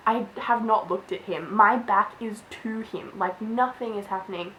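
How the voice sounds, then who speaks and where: A woman's voice: mid-range voice, moderate pace, sharp tone, a little hiss or hum, rough recording. A young woman vlogger chatting through a storytime, filling her talk with "like". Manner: chatty, lots of "like". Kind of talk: storytime vlog.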